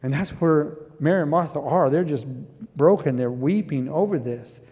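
A middle-aged pastor with a high voice preaches in a sanctuary with a long reverb. He reads scripture quietly, then climbs into loud, fervent preaching. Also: normal speed, husky. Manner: builds from quiet reflection to loud impassioned preaching. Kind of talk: sermon.

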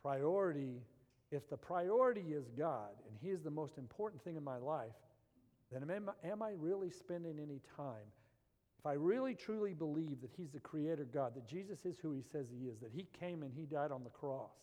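A man preaching a sermon with passion, swinging between loud urgency and hushed intensity. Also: a little high, animated, moderate pace, big-room sound.

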